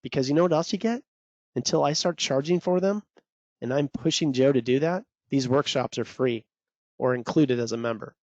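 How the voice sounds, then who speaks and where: Man, trading coach, energetic webinar talk, salesy, dull dry recording. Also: medium pitch, normal speed, no room sound. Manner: salesy, pumped-up, talks straight to viewers. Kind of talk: energetic live webinar teaching.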